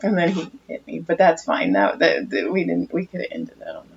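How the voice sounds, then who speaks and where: A woman's voice: lowish voice, very animated, brisk, gravelly. Chatty woman telling stories on a podcast. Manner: chatty storyteller, laughs at her own stories. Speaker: podcast co-host. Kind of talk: casual chat. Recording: dull lo-fi sound with faint noise.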